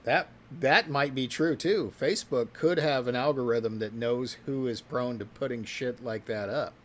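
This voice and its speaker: A man's voice: mid-range voice, normal speed, a little hiss or hum. A man in casual podcast talk, blunt and crude. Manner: blunt and crude, swears freely. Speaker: podcast co-host. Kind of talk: casual chat.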